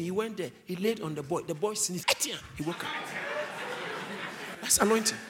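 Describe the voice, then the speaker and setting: A man's voice: high-pitched, expressive, normal speed, pauses often, noisy background. A man preaching a sermon, emphatic, stretching out key words for weight.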